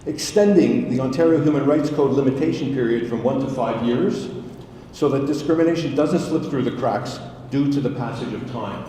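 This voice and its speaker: A man in his sixties, an election candidate, giving a measured, earnest opening statement at a debate. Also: medium pitch, mellow. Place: synagogue hall with audience. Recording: echoey hall, distant mic, faint noise.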